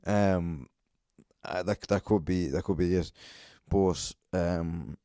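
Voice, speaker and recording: Deep-voiced man telling a rambling story. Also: slow, warm tone, no room sound, studio quality. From Ireland. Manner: profane, rambling anecdote with acted-out quotes. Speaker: podcast host and stand-up comedian. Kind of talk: casual solo podcast storytelling.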